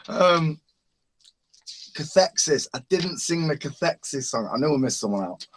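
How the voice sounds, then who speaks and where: A man's voice: on the high side, lively intonation, unhurried, fairly bright tone. A man chatting casually in an online hangout, rambling and chuckling as he lists parody songs he has made. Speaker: open-mic hangout participant. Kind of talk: casual chat.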